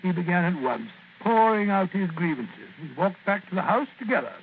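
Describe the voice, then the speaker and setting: Doctor Watson, a flustered companion. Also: male voice, sits high, sing-song, a little fast. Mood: recounting. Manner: hesitant, chatty, stammering. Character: genial, flustered male companion. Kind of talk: 1940s radio acting. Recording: tinny lo-fi old radio broadcast with faint hiss.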